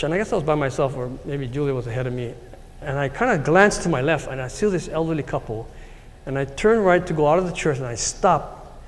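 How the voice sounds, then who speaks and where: A man's voice: fairly high pitch, big-room sound. A man in his sixties telling a long personal story to his congregation, rambling and heartfelt, with many fillers. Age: 60s. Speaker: church speaker.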